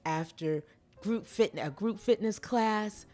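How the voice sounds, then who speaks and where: A woman hosting a casual podcast chat, animated and playful, laughing often and teasing herself. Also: mid-range voice, slow pace, soft background music. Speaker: podcast host.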